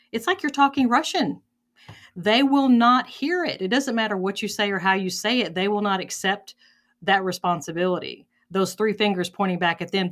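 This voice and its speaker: Woman podcast host, punchy and emphatic, leans hard on repeated words. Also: medium pitch. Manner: emphatic, animated, repeats phrases for stress. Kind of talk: conversational interview.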